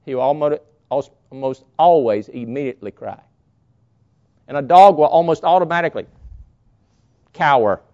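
Preaching a sermon with emphasis, a man often acts out short quotes to drive his points home. His voice is fairly high and somewhat dark, moving at a moderate pace with frequent pauses. The recording sounds dull and lo-fi.

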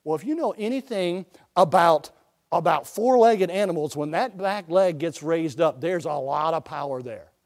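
Male preacher, high-pitched, folksy storytelling with loud outbursts and hushed asides. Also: expressive, moderate pace, vocal fry. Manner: folksy storytelling, swings between loud bursts and quiet asides. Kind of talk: sermon.

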